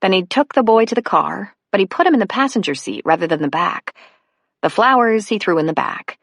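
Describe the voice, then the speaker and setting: A woman narrating an audiobook in a measured, even storytelling manner on a close mic. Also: mid-range voice, gravelly, dry recording. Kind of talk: scripted narration.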